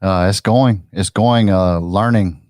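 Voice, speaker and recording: A man's voice: low voice, slow pace, a little mellow, no echo, clean studio sound. A man co-hosting a live audio chat show in a laid-back way, prompting the guest to do accents. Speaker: co-host. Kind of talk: casual chat.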